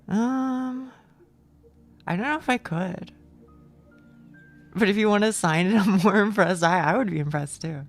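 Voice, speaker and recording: A young woman streaming a game live, chatty and excitable, swearing freely and reading out chat. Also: fairly low pitch, unhurried, long pauses, soft background music.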